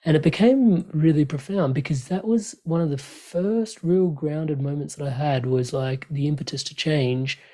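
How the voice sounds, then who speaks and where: A man talks through personal experience in an open, earnest way. His voice is dark and mellow, and he often restarts his sentences and fills pauses with "you know" and "like." It sounds like a relaxed conversation between friends. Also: fairly high pitch. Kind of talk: reflective conversational chat.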